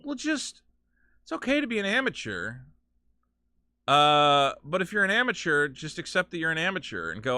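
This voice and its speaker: Guy streaming at home, goes off on rants, swears a lot, really lively swooping voice. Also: on the high side, normal speed, dry recording, studio quality. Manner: ranting, profane and sarcastic. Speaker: streamer host. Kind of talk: casual live-stream commentary.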